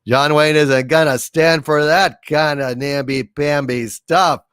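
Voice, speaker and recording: A man's voice: a little high, takes it slowly, clean tone, dry recording, clean studio sound. A man hosting a comedy livestream, chatting casually and bluntly as he reads out viewer messages, with some swearing. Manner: blunt, rambling, animated, swears freely.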